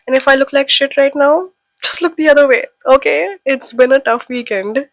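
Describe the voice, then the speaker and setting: A woman's voice: high-pitched, normal speed, fairly bright tone, low-quality recording. A young woman from India with a head cold, chatting to camera as a book vlogger in an enthusiastic, gushing way. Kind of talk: casual chat to camera.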